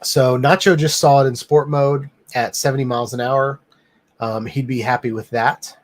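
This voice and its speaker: A man hosting a casual live stream, rambling and filling pauses with lots of "um.". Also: mid-range voice, fairly even intonation. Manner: rambling, many "um" fillers. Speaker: livestream host.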